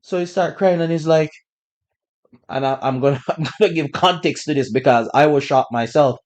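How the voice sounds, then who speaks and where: A man hosting a podcast, telling a personal story in a relaxed, conversational way with bursts of laughter. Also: a little high, normal speed. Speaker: podcast host. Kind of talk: casual storytelling.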